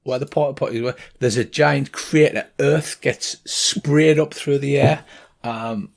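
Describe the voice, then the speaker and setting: A middle-aged man runs a tabletop game, describing the scene in a mid-range voice. He pauses often, filling gaps with ums and uhs. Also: mid-range voice, fairly even intonation, creaky. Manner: halting, full of ums and uhs. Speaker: game master.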